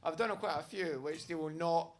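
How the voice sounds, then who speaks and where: A man performs stand-up on a comedy stage with a handheld mic, his voice sitting a little high. He tells a story in a chatty, rambling way, tossing in "right?" as he goes. The live sound carries clear background noise. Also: normal speed. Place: comedy stage in front of an audience. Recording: live comedy club with audience laughter.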